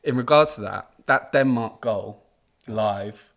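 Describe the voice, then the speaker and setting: A man co-hosting a podcast in casual chat, playful and upbeat, quick to joke and tease. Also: fairly low pitch, creaky, fairly bright tone. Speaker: podcast co-host.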